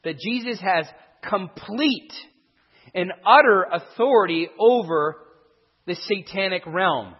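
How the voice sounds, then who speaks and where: Husky man teaching in an echoing hall. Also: high-pitched, expressive, slow. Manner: explanatory, with frequent restarts and emphatic stresses. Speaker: Bible teacher. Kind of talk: verse-by-verse Bible teaching. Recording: dull sound with a long hall echo.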